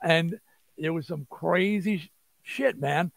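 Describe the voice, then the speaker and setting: A man, telling an animated, rambling story as an interview guest and acting out quotes. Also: fairly high pitch, slow pace, creaky, no room sound. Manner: rambling, restarts, acts out quotes. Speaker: interview guest, rock singer.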